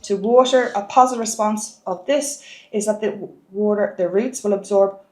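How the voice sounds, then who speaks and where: A woman's voice: mid-range voice, moderate pace, mellow, reverberant. A woman teaching a biology exam lesson, stressing key words and repeating points for the marks. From Ireland.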